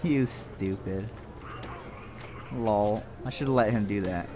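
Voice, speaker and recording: A man's voice: on the low side, moderate pace, noisy background. A man casually commenting as he plays a game, rambling and muttering to himself with jokes along the way. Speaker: let's play host.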